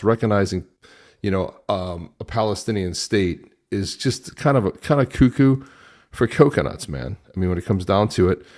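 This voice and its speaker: A man with a fairly low voice hosts a podcast in casual chat. He talks in an animated, indignant way and stumbles over his words as he goes. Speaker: podcast host.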